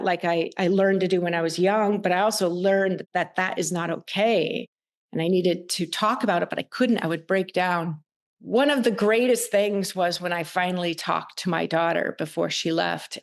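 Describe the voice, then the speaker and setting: A middle-aged woman guest on a talk show, speaking candidly and reflectively about her children leaving home, with emotional, halting restarts. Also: mid-range voice, vocal fry. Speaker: podcast guest. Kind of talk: candid personal conversation.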